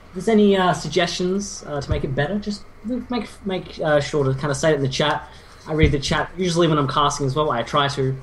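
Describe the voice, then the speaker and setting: A man's voice: on the high side, a little fast, slight background noise. Laid-back man co-casting a game. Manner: laid-back and self-deprecating, rambling. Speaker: esports co-caster. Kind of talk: casual game commentary.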